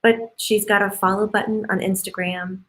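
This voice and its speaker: A woman's voice: medium pitch, steady tone, moderate pace, fairly bright tone, rough recording. A woman hosting a casual interview, gushing and effusive as she talks. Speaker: host.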